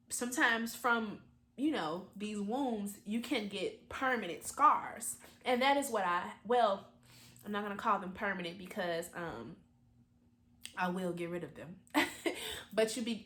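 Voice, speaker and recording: A woman in her twenties talking candidly in a personal vlog, halting and filler-heavy, fighting back tears. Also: medium pitch, a bit bright, reverberant. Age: 20s. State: close to tears. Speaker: vlogger.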